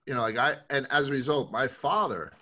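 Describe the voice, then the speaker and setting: A man's voice: mid-range voice, brisk, bright, forceful tone. A middle-aged man from Brooklyn, a podcast guest telling stories in a rambling, profane, casual way. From Brooklyn, New York.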